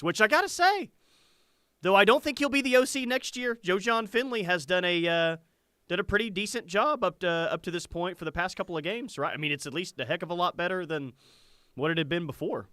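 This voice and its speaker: A man co-hosting a casual sports talk show, animated and chatty, reading listener comments aloud. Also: high-pitched, a little fast, clean tone, dry recording, studio quality. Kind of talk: casual sports radio chat.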